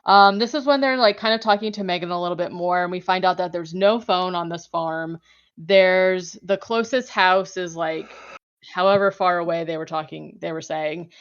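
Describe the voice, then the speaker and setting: This woman host chats about a horror film on her podcast at normal speed, her voice on the low side, clear and resonant despite dull audio. It's a casual recap, loosely delivered with plenty of "like" fillers and regular laughs.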